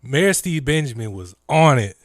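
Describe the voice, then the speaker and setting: Animated man chatting. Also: mid-range voice, normal speed, dry recording, clean studio sound. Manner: animated storytelling with impressions, filler-heavy. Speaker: live-stream host. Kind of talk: casual chat.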